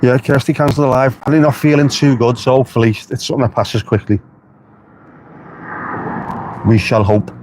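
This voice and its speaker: A man's voice: mid-range voice, level tone, a little fast, pauses often, darkish tone. A man chatting casually to his live-stream viewers outdoors by the beach, swearing freely and answering their comments. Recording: faint street noise behind the voice. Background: passing traffic.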